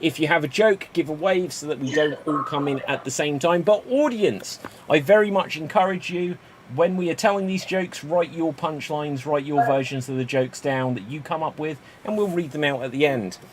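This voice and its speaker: A man's voice: fairly high pitch, moderate pace, noisy background. A man hosting an improv comedy game, upbeat and calling on players by name. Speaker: improv host.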